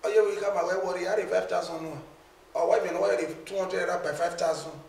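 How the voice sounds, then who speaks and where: A man's voice: sits high, fairly even intonation, fast, gravelly, darkish tone, a little hiss or hum. A man with a Nigerian accent in a casual conversation, talking unhurriedly. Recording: echoey room, a bit far from the mic.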